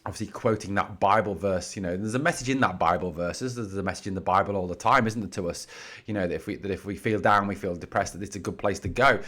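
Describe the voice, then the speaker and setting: A man's voice: sits low, fast talker, a bit bright. A man hosting his own football fan channel, giving heated, blunt solo commentary scattered with "you know".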